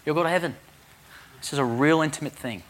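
A male pastor preaching a sermon, telling a personal story in an animated way and acting out the dialogue himself. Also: a little high, fast. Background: congregation responding.

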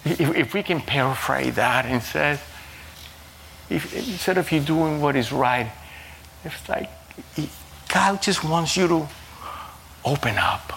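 A man preaching a sermon in a slow, halting way, repeating words and swinging suddenly between a low murmur and a high, loud cry. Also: vocal fry, a little hiss or hum. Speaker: pastor.

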